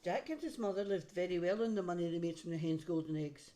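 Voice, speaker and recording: A woman reading a storybook aloud to a child, pausing to point out the pictures. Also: on the low side, mellow. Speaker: reader to a child.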